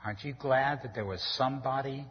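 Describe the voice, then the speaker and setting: A male pastor preaching with a very husky, breathy voice, moving from quiet earnestness to pleading emphasis. His voice rings through a church hall with a long echo, and the sound is dull and lo-fi. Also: medium pitch, fairly quick. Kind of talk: sermon.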